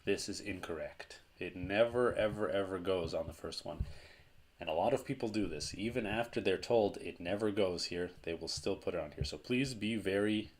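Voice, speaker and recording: A man's voice: low-pitched, normal speed. A man teaching a language lesson in a patient, explanatory way, repeating key points for emphasis.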